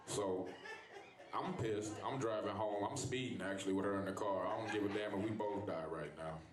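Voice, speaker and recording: A man's voice: fairly low pitch, moderate pace. A man performing a stand-up set, telling loose, profane stories and talking back to the crowd. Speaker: stand-up comedian. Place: bar comedy stage. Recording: echoey club with loud crowd. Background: crowd laughing.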